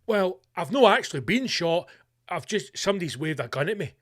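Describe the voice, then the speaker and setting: A man's voice: very animated, brisk, a bit bright, heavily acted. A Scottish man voicing a flustered man who exaggerates being shot, stammering and backpedaling in a raised voice. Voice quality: stammering, higher put-on voice.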